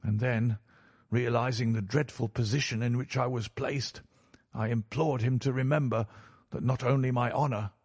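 Husky male audiobook narrator. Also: mid-range voice, dry recording, studio quality. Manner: measured, formal storytelling. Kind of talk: first-person audiobook narration.

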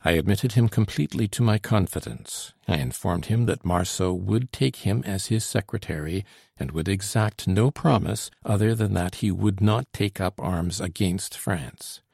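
A man narrating an audiobook in a measured storytelling manner. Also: vocal fry, breathy edge, no echo, clean studio sound. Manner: measured storytelling with lively pitch. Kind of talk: scripted narration of a period novel.

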